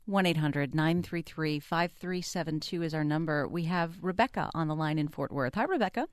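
A woman's voice: sits low, moderate pace, no room sound, clean studio sound. A woman hosting a radio call-in show, asking curious conversational questions. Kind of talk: interviewing.

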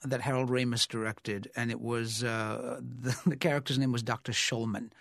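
A man's voice: medium pitch, level tone, moderate pace, creaky, fairly bright tone, dry recording, clean studio sound. A man, an actor, talking casually in an interview and telling stories in a reflective way, with frequent fillers and restarts. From United States. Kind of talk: conversational interview storytelling.

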